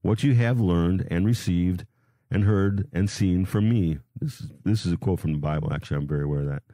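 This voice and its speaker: A man hosting a radio show, reading quotes slowly and deliberately, then adding casual asides and rereading lines when he stumbles. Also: deep voice, mellow, no room sound, clean studio sound. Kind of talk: reading and commenting on scripture quotes.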